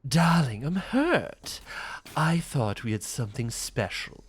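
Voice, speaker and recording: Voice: mid-range voice, big pitch swings, slow, breathy edge, voice pushed down, heavily acted. A streamer voicing a pompous aristocratic vampire dandy. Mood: haughty. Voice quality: haughty, drawling, says darling. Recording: hissy stream audio, spray noise.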